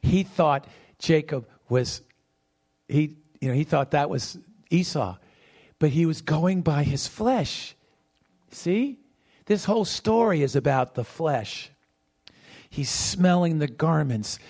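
High-voiced, slow, animated male preacher. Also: vocal fry, breathy edge. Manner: animated, calls to the congregation with questions; acts out the voices in the story. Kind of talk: sermon teaching from scripture.

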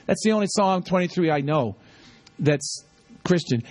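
A man's voice: high voice, animated, normal speed, pauses often, darkish tone. A man preaching a sermon, teaching with call-and-response and repeating key lines for the congregation. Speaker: pastor.

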